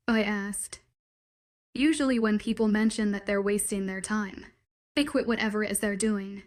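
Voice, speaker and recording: A woman's voice: mid-range voice, fairly even intonation, normal speed. A woman narrating a first-person romance story in a sardonic, matter-of-fact way. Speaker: audiobook narrator.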